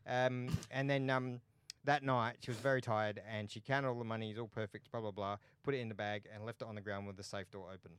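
A man's voice: fairly low pitch, steady tone, a little fast, clean tone, no echo. A man telling a rambling, dry-humoured story as a podcast guest, with lots of ums. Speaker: guest performer. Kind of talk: casual storytelling. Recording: loud crowd behind.

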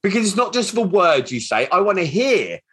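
A man's voice: high voice, a little fast, husky. A man hosting a podcast, chatting casually and acting out the people in his stories. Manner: animated storyteller, acts out quoted dialogue. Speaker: podcast host.

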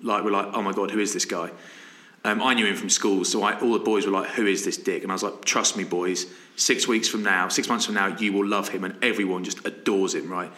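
Bright-voiced man telling stories. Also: lowish voice, fairly even intonation, brisk, reverberant. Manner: storytelling, laughs often, acts out quoted friends. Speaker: podcast co-host. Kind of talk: casual chat.

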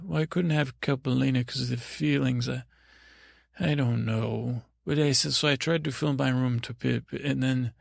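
Gravelly guy mumbling through a sleepy bedtime story, keeps losing his thread, dry close sound. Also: mid-range voice, no echo. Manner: meandering and halting, full of restarts and fillers. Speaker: podcast host telling bedtime stories.

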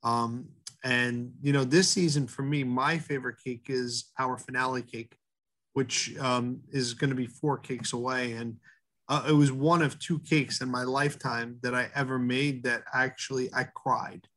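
A middle-aged man, a head baker, talking earnestly in an interview, halting often with fillers and restarts. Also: mid-range voice, fairly even intonation, a bit bright. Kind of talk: casual interview talk.

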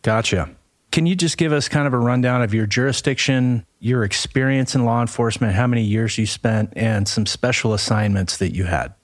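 A man's voice: medium pitch, brisk, no echo, studio quality. A man from the United States co-hosting a podcast, asking questions in a polite, easygoing way. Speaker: podcast co-host. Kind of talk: interview questions.

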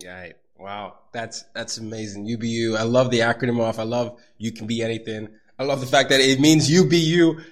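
A man's voice: mid-range voice, fairly quick, hardly any pauses. A young man hosting a podcast, reacting with eager, gushing praise and then asking his guest questions. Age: young adult. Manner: enthusiastic, gushing interjections. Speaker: podcast host. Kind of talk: podcast interview.

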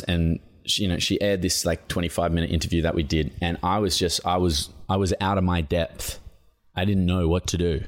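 A young man hosting a casual solo podcast, rambling and self-deprecating as he talks through his week. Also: low voice. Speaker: podcast host.

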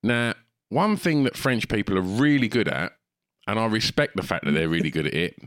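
A middle-aged Essex man with a low voice that swoops up and down, telling a sweary story at an easy pace. His voice is dry and close, with no room around it. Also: brisk, no echo. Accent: Essex English. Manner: sweary, relaxed anecdote-telling. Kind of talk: casual podcast storytelling.

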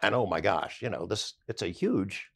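A man's voice: low voice, expressive, moderate pace, breathy edge. An older man, an investigative journalist, recounting past events conversationally in a podcast interview.

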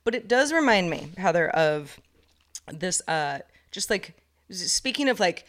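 A woman's voice: on the low side, unhurried. A woman co-hosting a casual podcast chat, telling stories and acting out the lines she quotes. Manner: animated storyteller, acts out quotes. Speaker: podcast co-host.

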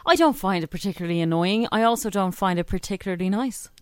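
A woman's voice: mid-range voice, animated, fast talker, clear, resonant tone, no echo, clean studio sound. A woman co-hosting a radio show, blunt and playful with her opinions. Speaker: radio co-host. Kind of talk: casual radio chat.

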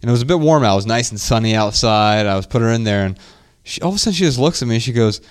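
Podcast co-host, thirties, smooth resonant voice, mid pitch, reflective storyteller. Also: male voice, very fast. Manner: reflective, storytelling, animated when quoting his daughter. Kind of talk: casual podcast conversation.

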